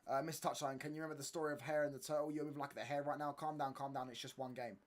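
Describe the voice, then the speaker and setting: A young man hosting a casual livestream rambles very fast in slangy talk, reading comments and often asking "you get what I'm saying." His voice is a little high with little pitch movement.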